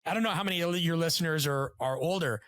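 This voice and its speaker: A man who is a guest coach and author, talking quickly and with animation in a casual podcast conversation, with a self-deprecating streak. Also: fairly high pitch, a bit bright, no echo.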